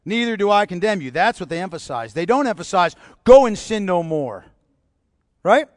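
A man's voice: high-pitched, no room sound, studio quality. A man preaching a sermon, bold and emphatic, driving points home with repeated rhetorical questions.

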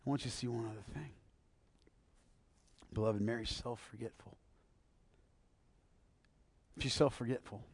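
A male pastor preaching a sermon, moving from hushed near-whispers to loud, emphatic passages full of rhetorical questions. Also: medium pitch, fairly even intonation, a little slow, long pauses, slightly rough.

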